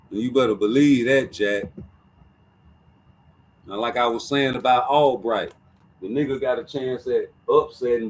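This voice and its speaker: A man hosting a casual streamed boxing talk show, talking in a profane, emphatic way and repeating his points. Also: mid-range voice.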